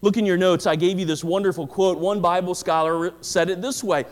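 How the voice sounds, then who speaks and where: A middle-aged male pastor delivering a sermon. His voice sits high for a man, and he drives points home by repeating them with rising emphasis. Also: steady tone, brisk, hardly any pauses. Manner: emphatic preaching with repetition.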